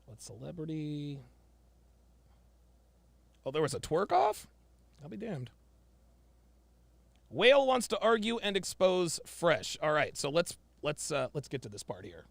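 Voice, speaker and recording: A man's voice: on the high side, sing-song, unhurried, gravelly, pauses often, no echo. A male podcast host giving sarcastic, mocking commentary on a video clip and mimicking the people in it. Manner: sarcastic, mimics others in quotes.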